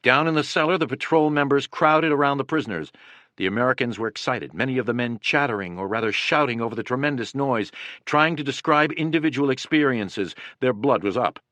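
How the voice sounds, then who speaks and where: A man narrating a war history audiobook in a steady, dramatic reading. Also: mid-range voice, fairly quick, no echo. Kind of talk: scripted narration.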